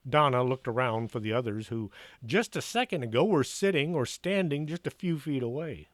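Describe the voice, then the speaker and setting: A man reading a storybook aloud in an expressive, animated way. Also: mid-range voice, moderate pace, dry recording, clean studio sound.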